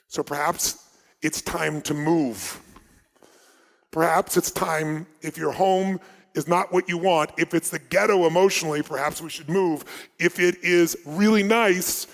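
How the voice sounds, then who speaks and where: An American man with a fairly high voice tells stories to a seminar crowd. He is emphatic and dramatic, rising loud and dropping to a hush. His voice rings with the long reverb of a large hall. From United States. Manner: emphatic, dramatic storytelling that swings from loud to hushed. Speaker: motivational speaker. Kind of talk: motivational seminar storytelling.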